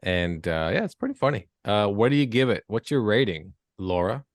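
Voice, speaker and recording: Low-voiced guy hosting a nerdy podcast, loose and jokey, dry close mic. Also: very animated, normal speed, no echo. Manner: loose, joking, laughs easily. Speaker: podcast host. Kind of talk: casual chat.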